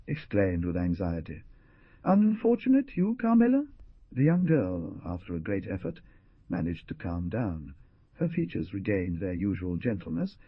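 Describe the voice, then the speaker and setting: Husky man narrating an old adventure novel. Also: deep voice, very animated, normal speed, dry recording, narrow, tinny audio. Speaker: audiobook narrator. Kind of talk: audiobook narration.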